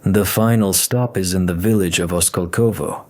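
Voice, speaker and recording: A man's voice: deep voice, normal speed, darkish tone, lightly acted. A man voicing a shy, heartbroken young female student who speaks with a slight lisp. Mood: quiet.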